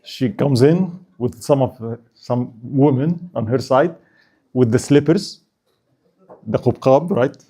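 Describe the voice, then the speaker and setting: Taking it slowly, a man with a mellow, husky, mid-range voice gives an informal history lecture at an Islamic center. He keeps turning to his listeners with "right?" while joking and laughing.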